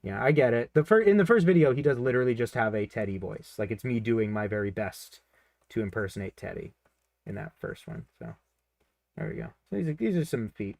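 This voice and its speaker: A man's voice: medium pitch, gravelly, darkish tone, no room sound. A young man, a cartoonist, chatting casually and rambling with self-mocking jokes while he draws on a live stream. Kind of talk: casual chat while drawing.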